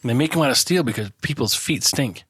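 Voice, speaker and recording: A man's voice: mid-range voice, lively intonation, quick pace, fairly bright tone, slightly rough, dry recording. A man co-hosting a podcast in a casual chat over beers, swearing freely, laughing often and telling stories with lots of animation. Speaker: podcast co-host.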